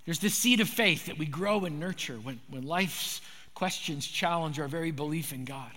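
Man, pastor, sermon, high-pitched, emphatic repetitive cadence, echoey hall. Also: normal speed, sharp tone.

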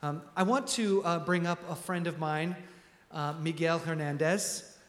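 A man's voice: on the high side, measured pace, slight background noise. A man hosting a church service, speaking from the pulpit with many ums and restarts. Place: large church sanctuary. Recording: echoey church hall.

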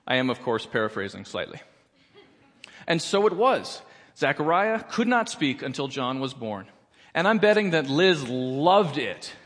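A man's voice: mid-range voice, sing-song, a little slow, a bit bright, long reverb tail. A man performing a stand-up comedy set in a church, with a wry, playful delivery. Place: church auditorium.

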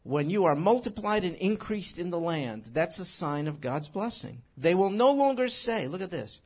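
A man teaching scripture in an animated sermon, emphatic and full of rhetorical questions. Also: sits high, normal speed. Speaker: Bible teacher.

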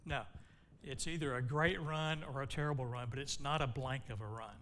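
A man's voice: medium pitch, normal speed, a bit bright, a little hiss or hum. A man preaching a sermon, telling a long joke in a folksy way and then reading scripture aloud. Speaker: pastor.

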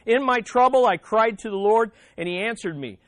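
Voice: mid-range voice, normal speed, no echo. A pastor preaching a sermon on a psalm, emphatic, repeating key phrases and calling for amens.

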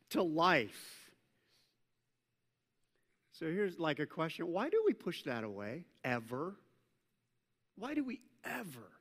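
A man preaching a sermon as pastor, swinging from loud emphatic peaks down to low, quiet stretches. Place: church sanctuary. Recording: long hall reverb.

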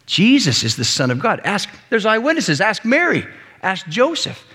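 A man's voice: high voice, huge pitch swings, moderate pace, bright, forceful tone, slightly rough, heavily acted. A man playing personified water, giving matter-of-fact testimony on a witness stand in a sermon. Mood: testifying. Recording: echoey hall reverb.

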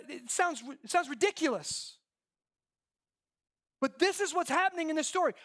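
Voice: sits high, fairly bright tone. A pastor preaching a sermon in an emphatic way, using repeated lists and rhetorical questions and checking in with listeners often.

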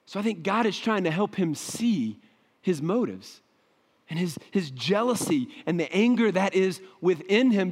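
A man's voice: sits high, long reverb tail. A man preaching a conversational sermon as a pastor, often tagging his points with "right?".

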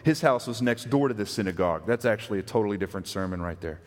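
Texan pastor preaching in a reverberant hall. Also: male voice, on the low side, expressive, quick pace. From West Texas. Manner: conversational, asks the congregation questions. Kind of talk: sermon.

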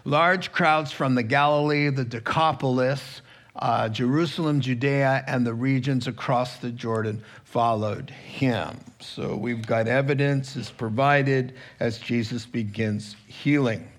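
A male pastor preaching a sermon, animated and chuckling, acting out quotes as he goes. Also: mid-range voice, unhurried.

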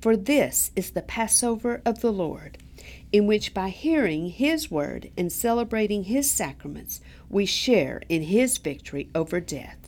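A woman reads scripture and liturgical responses clearly and reverently. Her pitch moves a great deal, giving the reading a lilting rise and fall. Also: very animated, measured pace, darkish tone. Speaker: prayer co-leader.

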